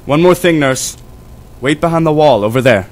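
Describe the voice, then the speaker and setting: A man's voice: on the high side, lively intonation, moderate pace, natural voice. A young man reading the part of an earnest young lover for a school audiobook.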